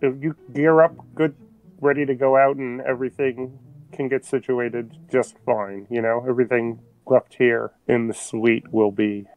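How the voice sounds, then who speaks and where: A man's voice: mid-range voice, fairly even intonation, moderate pace, narrow, tinny audio, faint music behind. A man running a tabletop role-playing game as game master, narrating in an upbeat, playful, encouraging way.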